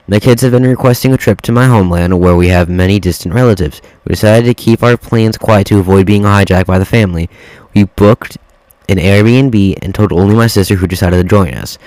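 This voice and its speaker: A man's voice: fairly low pitch, darkish tone, no echo, rough recording. A man reading Reddit posts aloud in a casual way, stopping to swear and react to the text. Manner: swears freely, reacts to typos mid-read. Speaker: reddit story reader.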